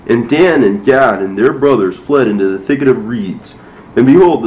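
A man narrating an ancient story in a steady, measured reading voice. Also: mid-range voice, recorded from a distance. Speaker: reader. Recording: roomy, dull, faintly noisy.

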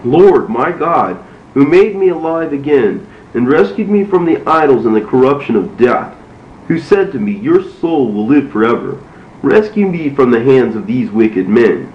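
A man voicing a gentle, merciful noblewoman as he reads a storybook aloud, in an earnest, pleading way. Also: mid-range voice, very animated, normal speed, natural voice. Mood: prayerful. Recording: roomy, dull, faintly noisy.

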